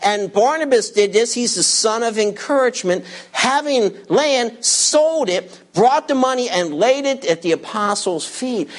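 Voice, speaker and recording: Animated preacher man with lively pitch. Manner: animated preaching, acting out quoted voices. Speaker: pastor. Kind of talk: sermon.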